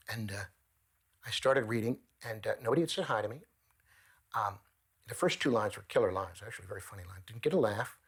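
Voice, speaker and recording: A man's voice: mid-range voice, slightly rough. A man telling an audition story with dry, self-mocking timing. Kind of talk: wry anecdote.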